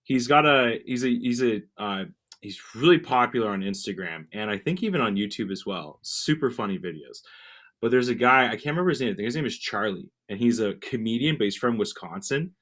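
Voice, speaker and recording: A man's voice: medium pitch, animated, fairly quick, fairly bright tone. A man with a Canadian accent, chatting casually as a livestream guest over a video call and laughing often. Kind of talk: casual chat.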